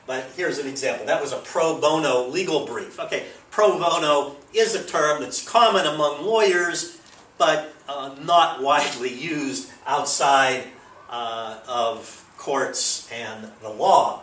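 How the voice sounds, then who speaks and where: A man's voice: on the high side, slow pace, fairly bright tone, slight background noise. A man giving a recorded grammar lesson, explaining in a loose, rambling way with many fillers. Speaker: teacher. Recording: echoey room, mic at a distance.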